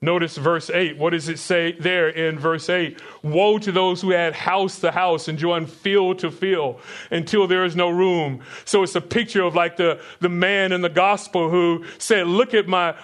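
A man's voice: sits high, fairly bright tone. Man preaching a teaching sermon. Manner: teaching with questions to the congregation, reading verses aloud. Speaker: pastor. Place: church sanctuary.

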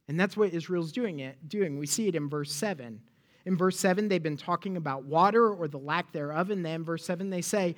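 A man preaching a sermon as a pastor, animated and pointed, asking the listeners rhetorical questions. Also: a little high.

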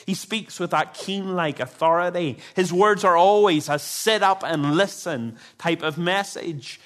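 A man's voice: sits high, a bit bright. A man pastor preaching a sermon in an earnest, emphatic way, with frequent restarts.

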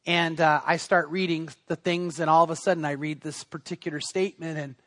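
High-voiced man preaching earnestly. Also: fairly even intonation, fairly quick, a bit bright. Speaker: pastor. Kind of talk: sermon.

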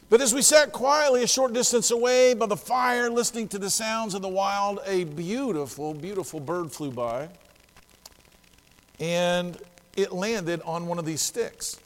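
A male pastor preaching a sermon, telling a story lively and acting out the dialogue. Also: high-pitched, in a large hall.

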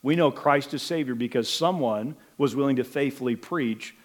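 A middle-aged man preaching a sermon as pastor, in an earnest, measured way with some hesitant fillers. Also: mid-range voice.

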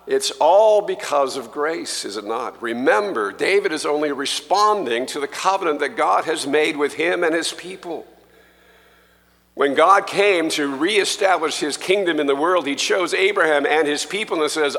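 Male pastor, sermon delivery, slow and emphatic, bright tone, long church reverb. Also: a little high, expressive. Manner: slow, emphatic preaching that rises when quoting scripture. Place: church sanctuary.

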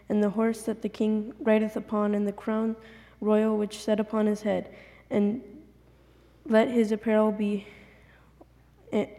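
A woman volunteer reading scripture aloud, halting and stumbling over the old words. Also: medium pitch, mellow. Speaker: volunteer reader. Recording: long hall reverb.

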